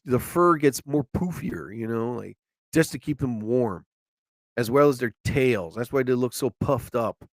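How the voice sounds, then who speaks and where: A man's voice: mid-range voice, no echo. A man hosting a live show, rambling through everyday stories and acting out the quotes. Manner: animated storyteller, acts out quotes. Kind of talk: rambling solo chat.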